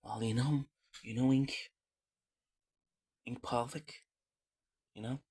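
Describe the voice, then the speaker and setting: A man streams while eating, chatting casually, joking and rambling with lots of fillers, food sounds and murmurs of enjoyment. His medium-pitched voice is steady, slow and darkish, with a breathy edge.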